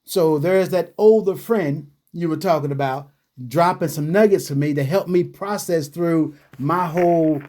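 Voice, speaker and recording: Animated storytelling male radio host. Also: a little high, unhurried. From New York City. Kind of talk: casual radio talk.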